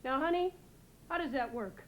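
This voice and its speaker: A woman from New England doing a rambling stand-up set on a TV stage, full of halting pauses and "uh"s. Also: high voice, dull audio, a little hiss or hum. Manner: rambling, halting delivery with many "uh"s. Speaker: stand-up comedian. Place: TV studio stage before a live audience. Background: audience laughter.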